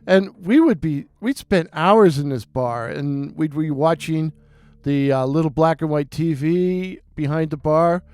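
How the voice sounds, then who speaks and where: A man with a fairly high voice recalls an old memory at an easy, digressive pace. He talks casually, as if chatting with a friend. The recording is dry and close, with no room echo. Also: darkish tone, clear, resonant tone. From New York City. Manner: rambling, digressive, unhurried. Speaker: storyteller. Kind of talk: casual spoken reminiscence.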